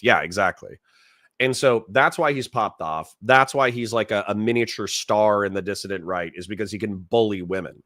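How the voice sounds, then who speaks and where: A man's voice: lowish voice, fairly bright tone, no room sound, studio quality. A man giving casual live-stream commentary, chatty, laughing often and reading out chat messages. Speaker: streamer reacting to a debate.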